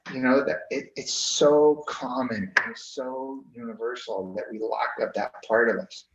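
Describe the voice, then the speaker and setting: A man being interviewed as a guest author, telling a story in a lively, conversational way and acting out the people he quotes. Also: mid-range voice, a little slow, far from the mic. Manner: animated, acts out quoted people. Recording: roomy, dull lo-fi audio.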